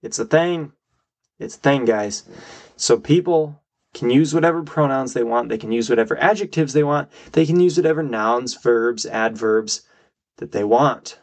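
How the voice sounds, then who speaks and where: Gravelly young man ranting on a podcast. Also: mid-range voice, moderate pace. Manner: emphatic, argumentative, worked up. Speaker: podcast host. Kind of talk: opinionated solo commentary.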